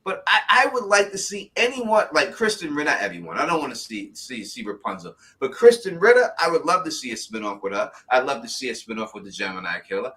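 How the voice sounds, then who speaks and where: A man with a New York accent, chatting loosely and animatedly about a show as host. His voice is bright and forceful. He chuckles often as he rambles on. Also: mid-range voice. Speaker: podcast host. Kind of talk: casual TV recap chat.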